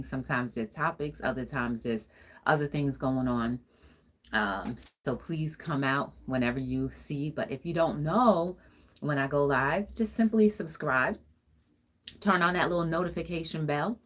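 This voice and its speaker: With a bass voice, a woman hosts a casual livestream talk show, chatty and encouraging, greeting people in a sing-song way and laughing easily.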